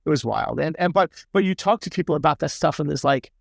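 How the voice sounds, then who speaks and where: A middle-aged man, a chef guest on an interview show, telling stories in a lively way, swearing freely and acting out what other people said. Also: fairly high pitch, quick pace, gravelly, no echo, studio quality. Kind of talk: casual storytelling interview.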